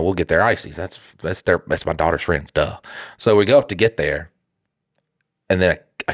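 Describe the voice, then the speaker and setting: Deep-voiced man telling a profane story. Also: dry recording, clean studio sound. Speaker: podcast co-host. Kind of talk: casual podcast chat.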